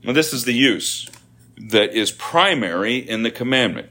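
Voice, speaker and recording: A man's voice: mid-range voice, lively intonation, normal speed, bright, forceful tone. A middle-aged man preaching a sermon in a conversational teaching manner, rising to emphatic points.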